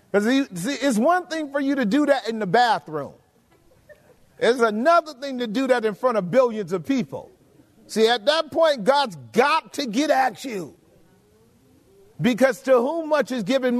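High-voiced emphatic preacher. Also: male voice. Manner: emphatic, rhetorical questions to the congregation. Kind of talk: sermon. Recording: long hall reverb.

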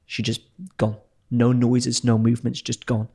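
A man's voice: mid-range voice, completely flat delivery, unhurried, vocal fry, darkish tone, husky. A young man, an explorer, telling a story casually and animatedly, swearing freely and acting out what people said. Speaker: explorer telling his adventures as a guest.

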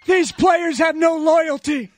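A reedy, very high-pitched old codger grumbles that nothing in sports is as good as it used to be. He complains in a nostalgic, cranky drawl. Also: fairly even intonation, slow, slight background noise. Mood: grumbling. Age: older. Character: cranky old man longing for old-time sports. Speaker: radio show regular.

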